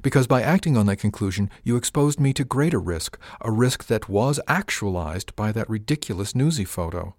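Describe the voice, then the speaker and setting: A man voicing an older ship captain in an audiobook. He has a deep, dry voice and a measured, wry way of talking. The recording is close and without room sound. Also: lively intonation, darkish tone, dry recording. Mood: stern.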